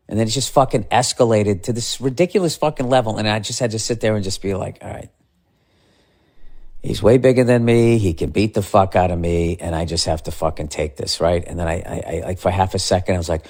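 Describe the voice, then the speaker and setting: A man's voice: fairly low pitch, a little fast, a little mellow. A man in his fifties ranting casually as a podcast host, profane and exasperated. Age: 50s. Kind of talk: casual comedic rant.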